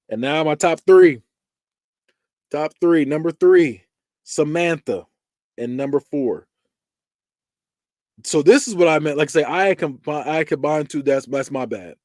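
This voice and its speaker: In a clean studio recording with no room sound, a man with a higher-pitched voice chats about movie death scenes at an unhurried pace, pausing often. The podcast host is animated, laughing frequently as he acts out quotes and screams.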